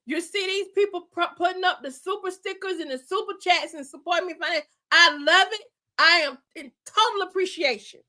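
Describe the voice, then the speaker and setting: A woman's voice: extremely high pitch, bright, forceful tone. A woman hosting a live reaction stream, chatting earnestly with her viewers. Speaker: reaction channel host.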